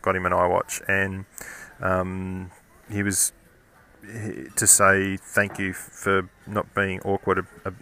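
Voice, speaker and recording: A man telling a casual anecdote in a rambling, halting way, full of restarts and fillers. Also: low voice, pushed and bright. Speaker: storyteller.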